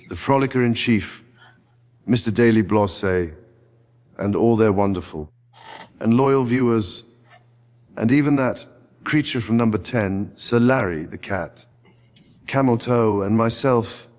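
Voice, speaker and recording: A man's voice: on the low side, a little mellow, long reverb tail. A man doing a pompous mock royal. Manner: pompous, formal address with sudden swearing. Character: man mocking a royal Christmas speech. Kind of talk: parody royal speech.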